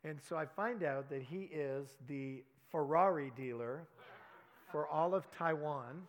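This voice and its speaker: A man's voice: on the high side, measured pace. A man preaching by telling a personal story, chatty and anecdotal, with self-deprecating asides. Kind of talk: sermon storytelling.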